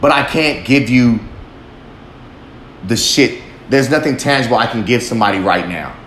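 A man's voice: mid-range voice, normal speed, fairly bright tone. A man hosting a podcast who talks bluntly and swears constantly in a rambling monologue. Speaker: podcast host. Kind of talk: profane monologue. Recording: echoey room, faint background hum.

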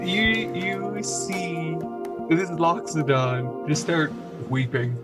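A man's voice: a little high, drawn-out words, over loud music. A man running a tabletop game as game master, narrating in a hesitant way with many restarts.

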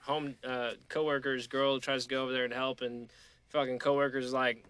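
Male podcast host, casual storyteller, bright edge, profane and animated. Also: medium pitch, normal speed, smooth. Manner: profane, animated storyteller who acts out quotes.

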